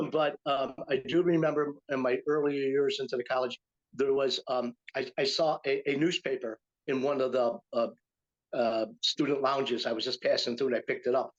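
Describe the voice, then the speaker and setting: A man's voice: medium pitch, fairly even intonation, normal speed, lo-fi sound. An older man from upstate New York, a retired teacher and writer, telling a story in a casual interview with many fillers and restarts. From Utica, New York, USA.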